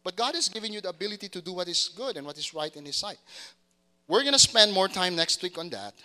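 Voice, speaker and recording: A man gives a sermon to his congregation in a bright, ringing, somewhat high voice. He repeats his words, stops and starts again, and keeps asking whether the listeners follow him. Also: very animated, quick pace. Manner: repeats words and restarts, asks congregation to confirm. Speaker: pastor.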